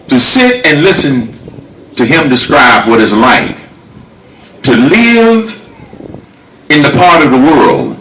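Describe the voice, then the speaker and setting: Forceful man giving a rousing rally speech. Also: medium pitch. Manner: rousing, emphatic, shouts key lines. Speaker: political candidate. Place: outdoor rally. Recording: echoey, distant mic, crowd noise. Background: crowd ambience.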